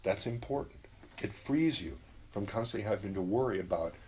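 A man's voice: lowish voice, animated, normal speed, a little mellow, slight background noise. A middle-aged man hosting a talk show, giving blunt, emphatic advice with plenty of swearing and acted-out quotes. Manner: acts out quoted voices. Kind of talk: casual advice monologue.

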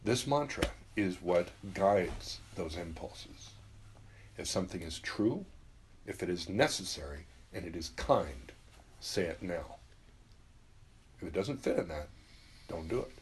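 Blunt deep-voiced middle-aged man. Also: lively intonation, measured pace, pauses often, a little hiss or hum. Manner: emphatic, blunt, swears freely; acts out quoted voices. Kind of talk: casual advice monologue.

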